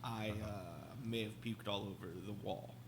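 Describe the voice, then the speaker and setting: A man's voice: lowish voice, level tone, moderate pace, slight background noise. A man chatting as a podcast guest, laid-back and self-mocking. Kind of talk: casual chat.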